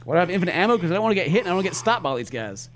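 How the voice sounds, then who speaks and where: A man giving live commentary over his gameplay, excitable and self-mocking, often laughing at himself. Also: high voice, very fast, slight background noise. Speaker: gameplay streamer.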